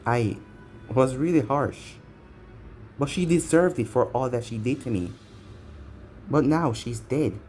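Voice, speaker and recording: Guy doing a young ninja leader brooding out loud, plain midrange voice, faint music behind. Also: mid-range voice, measured pace, pauses often, lightly acted. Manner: brooding, questioning.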